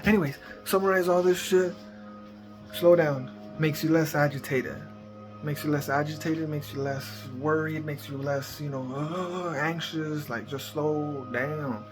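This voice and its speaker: A man's voice: on the high side, steady tone, unhurried, music in the background. A man giving casual, profanity-heavy parenting advice in a rambling, laid-back vlog monologue. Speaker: parenting vlogger.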